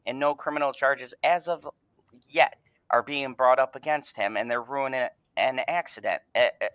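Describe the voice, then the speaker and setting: A man's voice: mid-range voice, normal speed, fairly bright tone, clear, resonant tone, no room sound. A man hosting an online fan podcast, ranting angrily with heavy profanity and stammered restarts. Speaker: podcast host. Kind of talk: ranting casual chat. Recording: dull, dry home mic sound.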